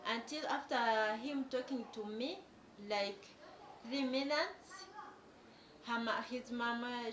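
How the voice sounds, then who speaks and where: Slow-talking young woman, echoey room. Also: a little high. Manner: earnest, halting, often calls out to viewers. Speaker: vlogger. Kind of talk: personal storytelling to viewers. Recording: echoey room with background noise.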